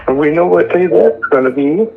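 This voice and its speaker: A woman caller answering a host's question on a call-in, in slow, measured, drawn-out phrases. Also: low-pitched, animated, gravelly, phone-quality sound.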